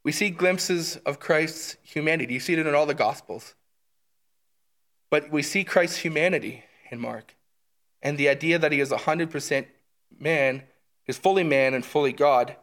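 A man's voice: fairly high pitch, moderate pace, a bit bright. A man teaching through a book of scripture in a conversational way, eager and often checking in with his listeners. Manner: enthusiastic, often checks in with "right?". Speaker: Bible teacher.

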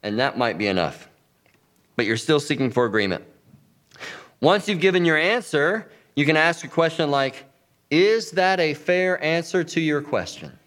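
A man giving an instructional talk, lively, acting out sample lines of dialogue as he explains. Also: a little high, moderate pace. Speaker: teacher.

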